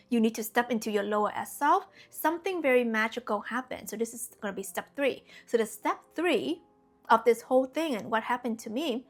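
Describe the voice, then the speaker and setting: Woman, spiritual coach, casual talk to camera, earnest, chatty, slightly high voice, faint background music. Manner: chatty, earnest, full of "you know" and "okay?".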